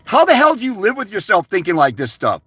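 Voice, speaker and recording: A man's voice: high-pitched, huge pitch swings, fast talker, fairly bright tone, breathy edge, no echo. A man hosting a livestream, ranting aggressively with profane insults while answering viewer questions. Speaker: host.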